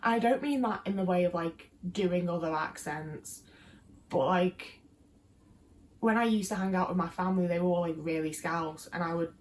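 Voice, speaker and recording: A woman's voice: fairly low pitch, moderate pace, slight background noise. A young English woman with a Midlands accent, chatting casually to camera in a rambling way with lots of fillers. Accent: English, Midlands mixed with Liverpool. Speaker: YouTuber.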